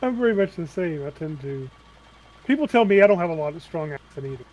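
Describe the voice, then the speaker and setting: A man's voice: on the high side, lively intonation, fast talker, dull audio. A man on a gaming stream's voice chat, making offhand, dismissive comments. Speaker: voice chat guest. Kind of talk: casual voice chat banter.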